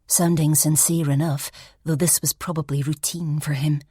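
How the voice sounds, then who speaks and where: A woman narrating a first-person audiobook in a soft, reflective manner, often dropping toward a whisper. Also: low-pitched, little pitch movement, moderate pace, breathy edge, no room sound, clean studio sound.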